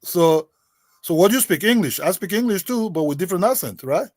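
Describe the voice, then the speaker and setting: A man with an African accent argues his point on a panel, insistent, and keeps asking whether he is understood. His voice is high for a man, and it sounds dry and close to the mic. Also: lively intonation, brisk, dry recording. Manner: repeats "you understand me", insistent. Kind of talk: heated panel debate.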